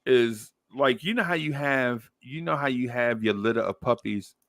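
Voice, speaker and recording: A man's voice: medium pitch, normal speed, a bit bright, dry recording, clean studio sound. A man telling a story in casual chat, acting out voices and laughing often as he goes. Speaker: podcast co-host telling a story.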